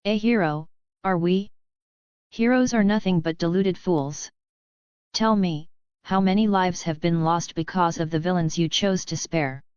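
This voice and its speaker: Woman voicing a sneering sword spirit, scornful, lowish voice, smooth, slightly dull audio. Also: unhurried, a little mellow, no room sound, natural voice.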